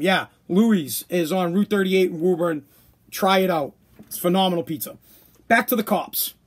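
A man rants on his podcast. His voice sits very high for a man, and he talks bluntly and profanely. The delivery is loose and casual. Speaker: podcast host. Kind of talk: casual ranting podcast monologue.

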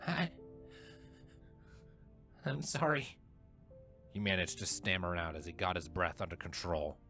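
A man reads a fan-written story aloud as a narrator, steady and expressive in his delivery. His voice sits on the low side, with soft music faintly playing underneath. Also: brisk. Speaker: fanfiction reader. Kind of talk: audiobook-style story narration.

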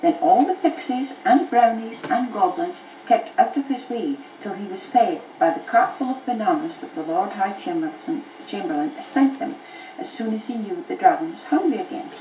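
A woman's voice: mid-range voice, animated, moderate pace, few pauses, mellow, roomy sound, dull audio, a little hiss or hum. A mother reading a bedtime story to her child aloud, telling it expressively, recorded on an old cassette tape.

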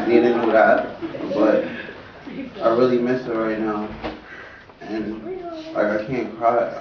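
A man speaking at his grandmother's funeral, halting and rambling. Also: lowish voice. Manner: halting, soft-spoken, rambling. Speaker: grandson giving a eulogy. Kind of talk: emotional funeral speech. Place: funeral gathering indoors. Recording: distant, roomy, muffled and noisy.

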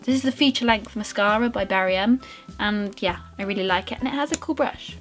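A woman's voice: medium pitch, fairly quick, soft background music. A young woman talking through her makeup routine in a bubbly, rambling, self-mocking way. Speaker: beauty vlogger. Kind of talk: casual makeup tutorial chat.

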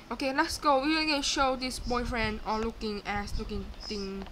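A young woman with a high, bright voice narrates her game as she plays, excitable and chatty, talking back at the characters on screen. A faint hiss of game ambience sits under her voice. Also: moderate pace, hardly any pauses. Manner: excitable, screams and gasps, talks to game characters. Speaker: gaming YouTuber. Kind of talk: live gameplay commentary.

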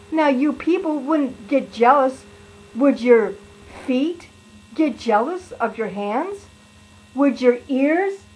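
A cheerful lion preacher, voiced by a woman, talks in a high, bright register. The delivery is sing-song and exaggerated, playful like a children's sermon. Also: poor audio. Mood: amused.

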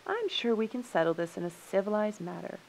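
A woman voicing a calm, helpful female raven in a storybook reading, speaking in a polite, measured way. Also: mid-range voice, vocal fry, poor audio. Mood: composed.

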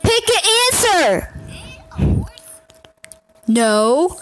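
A woman giving casual gameplay reaction commentary, excitable and blunt, scolding the game and breaking into shouts. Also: extremely high pitch, takes it slowly, long pauses, a little hiss or hum. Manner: excitable, bursts into shouts and gasps.

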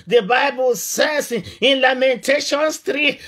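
Preacher guy, high ringing voice, repeats lines and builds to shouting. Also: unhurried, few pauses. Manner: impassioned, repeats phrases for emphasis, often rises to shouting. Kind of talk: sermon.

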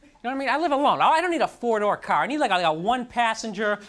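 With an extremely high, expressive, fairly bright voice, a young man races through a stand-up routine on a TV studio stage. His rant is exasperated and self-deprecating, stuffed with "like" and "you know." The 1990s broadcast captures a live audience laughing and making noise.

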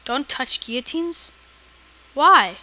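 A woman giving excitable let's play commentary, often yelling at the game. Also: high-pitched, slow. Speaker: gamer. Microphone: personal computer mic.

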